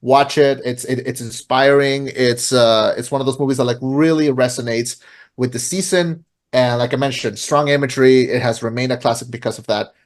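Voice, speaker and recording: A man's voice: mid-range voice, fairly even intonation, normal speed. A podcast co-host chatting casually as he retells a film's plot, with many fillers and restarts.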